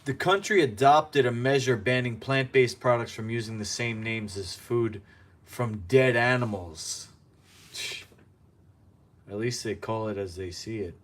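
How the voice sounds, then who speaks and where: A man's voice: mid-range voice, normal speed, hardly any pauses. Sarcastic man reading news at home. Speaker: host of a home news show. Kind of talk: casual news commentary while cooking. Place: apartment kitchen.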